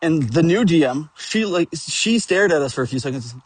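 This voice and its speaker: Husky-voiced man rambling through a story. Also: a little high, lively intonation, normal speed, no room sound. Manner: profane, rambling, with frequent chuckles. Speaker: tabletop game player telling a story. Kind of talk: rambling casual storytelling rant.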